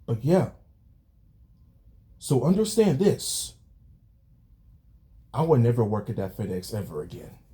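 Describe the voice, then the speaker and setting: A young man venting angrily on a vlog, yelling and swearing about his job. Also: medium pitch, big pitch swings, measured pace, long pauses. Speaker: vlogger. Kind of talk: angry rant vlog.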